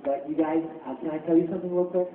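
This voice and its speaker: A man's voice: fairly high pitch, rapid-fire, crowd noise. A man answering fans' questions at a convention panel, playful and chatty. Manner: animated, playful, chatty with fans. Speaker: voice actor panel guest. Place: large convention panel hall. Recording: echoey hall from far off, tinny, noisy.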